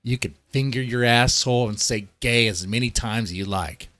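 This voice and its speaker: A man's voice: medium pitch, normal speed, sharp tone, no echo. A man ranting in heated, profane political commentary, swearing often and reading articles aloud between outbursts.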